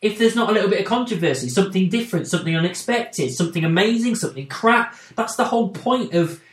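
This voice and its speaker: An opinionated man hosts a casual film review chat. His voice sits a little high for a man, and he restarts phrases while he makes his points. The recording carries a noticeable room echo. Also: animated, fast. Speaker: podcast host. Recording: echoey room.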